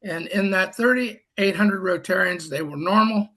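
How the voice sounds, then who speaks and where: Speaking a little slowly in a high, slightly bright voice, a past district governor in his later years tells self-deprecating, folksy anecdotes. It's a group video call, and his humor is dry.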